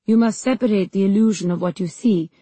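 A cold male ruler who lectures with dry, measured condescension, as a woman reads him in an audiobook. The voice is mellow and a little husky, recorded close and dry. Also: mid-range voice, dry recording, natural voice. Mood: lecturing. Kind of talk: audiobook character reading.

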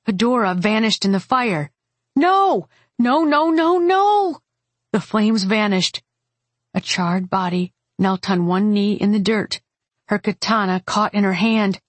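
Slow, husky woman narrating an audiobook. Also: on the low side, dry recording. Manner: intense, dramatic reading with cries in character. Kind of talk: first-person audiobook narration.

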